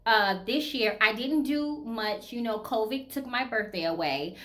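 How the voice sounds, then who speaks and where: Woman, 30s, Southern US accent, fairly high voice, candid vlog chatter with lots of fillers. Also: expressive, a little slow, fairly bright tone. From American South. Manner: candid, chatty, full of fillers like "you know" and "like". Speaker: vlogger. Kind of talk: casual personal chat to camera.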